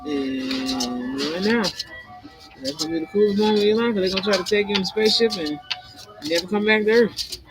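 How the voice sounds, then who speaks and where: A woman's voice: mid-range voice, a little fast, low-quality recording. A woman hosting a spiritual channel, rambling through a conspiratorial monologue and laughing between her thoughts. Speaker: tarot and spiritual channel host. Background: music playing.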